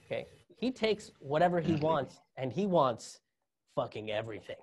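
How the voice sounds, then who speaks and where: A man's voice: on the high side, very animated, normal speed. A male comedian hosting a political commentary show, sarcastic and laughing at his own jokes. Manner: self-promoting sign-off read. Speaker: comedian host.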